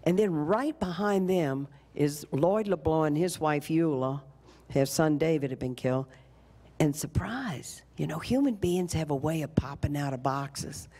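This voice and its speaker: An older woman giving a storytelling lecture at a college, animated, slipping into the voices of the people in her story. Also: low-pitched, measured pace. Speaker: keynote speaker.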